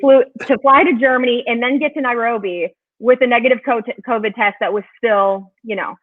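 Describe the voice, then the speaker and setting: A woman from Wisconsin, appearing as a guest, tells travel stories in a chatty, casual way and laughs often. Her voice is a little high and brisk, and the audio is tinny, like a phone call.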